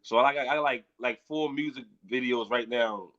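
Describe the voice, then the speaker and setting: A man's voice: mid-range voice, moderate pace, a bit bright. A man, a comedian, telling a story in casual chat, laughing as he goes and quoting people in their voices. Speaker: guest comedian. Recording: dull lo-fi audio.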